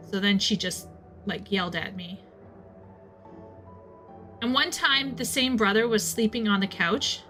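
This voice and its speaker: A young woman with a bright, forceful voice tells a rambling story between thoughts on a game, often stopping short and restarting her sentences. Faint music plays softly behind her as she talks. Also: medium pitch. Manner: rambling, self-interrupting, animated storyteller. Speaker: streamer playing a game. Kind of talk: casual storytelling chat.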